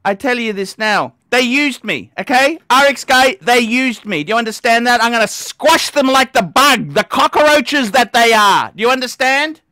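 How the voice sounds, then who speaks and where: A man hosting a live stream, ranting and swearing at callers, bursting into shouts. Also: very high-pitched, expressive, moderate pace, hardly any pauses, no room sound, studio quality. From Australia. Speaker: livestream host.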